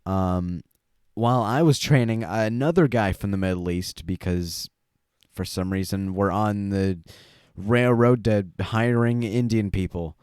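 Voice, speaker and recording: A man's voice: fairly low pitch, measured pace, darkish tone, clear, resonant tone, no echo. Young male co-host, loose rambling chat, dry close-mic sound. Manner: rambling, frequent fillers and laughs. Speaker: podcast co-host. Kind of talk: casual chat.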